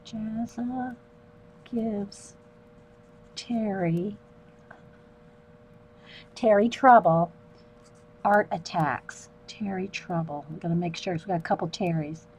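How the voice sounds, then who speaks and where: A woman hosts a relaxed drawing livestream from her art desk. Her voice sits at a middle pitch, and her talk is chatty and easygoing. She keeps up a running conversation with viewers as she works, laughing often. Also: slow pace, long pauses, slight background noise. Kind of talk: casual livestream chat while drawing.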